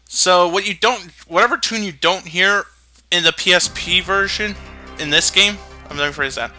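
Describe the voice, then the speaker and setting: A man's voice: high-pitched, normal speed, pushed and bright, faint music behind. A man commenting casually on a video game he plays, joking, swearing and explaining game mechanics. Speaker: let's play commentator.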